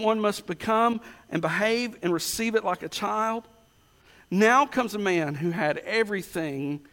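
A man preaching a sermon, asking rhetorical questions and slowing down to stress key words. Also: high voice, a bit bright. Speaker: pastor. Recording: long hall reverb.

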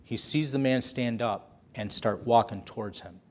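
A male preacher delivering a sermon as a story, impassioned and steady in pitch. He repeats phrases to drive each point home. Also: normal speed.

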